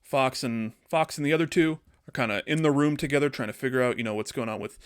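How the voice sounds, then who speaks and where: A man's voice: medium pitch, smooth, no echo, clean studio sound. Rambling man telling a story. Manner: loose and rambling, slipping into quick character voices. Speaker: podcast co-host. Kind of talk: casual improvised storytelling.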